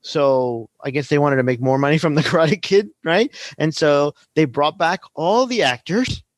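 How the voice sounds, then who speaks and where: A man's voice: a little high, moderate pace, no echo. A man in his forties hosting a podcast, talking casually and rambling through a story, often adding "right?". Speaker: podcast host. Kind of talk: casual teaching talk.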